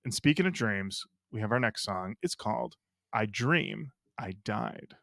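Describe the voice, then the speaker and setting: A man's voice: lowish voice, animated, measured pace, vocal fry, a bit bright. A male podcast co-host chatting casually and reading listener comments aloud in a laid-back way. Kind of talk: casual music podcast chat.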